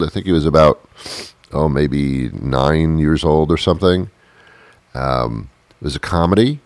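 A man delivering a rambling, deadpan comic monologue with mock-confused asides while sitting on a porch outdoors. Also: sits low, no echo. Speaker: comedian.

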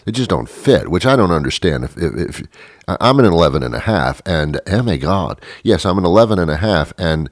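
A man's voice: deep voice, big pitch swings, fairly quick, no room sound. A man hosting a comedy show, rambling through a dry, self-interrupting monologue. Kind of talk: deadpan comic monologue.

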